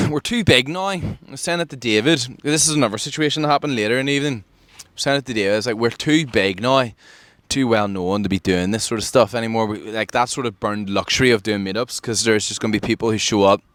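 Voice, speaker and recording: A man from Ireland hosting a podcast, telling a story in casual chat and acting out quotes with big jumps in pitch. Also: a bit bright, no echo. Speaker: podcast host.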